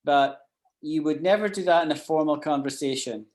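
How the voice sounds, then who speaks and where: A man's voice: on the high side, normal speed, a little mellow. A man teaching an online English class, explaining usage with frequent restarts and repeated words over a video call. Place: at home in Ireland.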